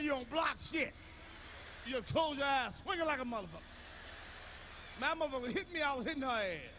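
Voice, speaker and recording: A man doing a stand-up comedy set on stage before a live audience, telling loud, profane stories that build to shouting. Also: extremely high pitch, a little hiss or hum.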